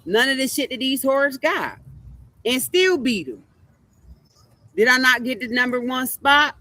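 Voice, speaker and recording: Brash, bright-voiced woman reading tarot. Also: high voice, animated, measured pace, no room sound. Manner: brash, profane, boastful, repeats herself. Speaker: tarot reader and streamer. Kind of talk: casual livestream tarot commentary.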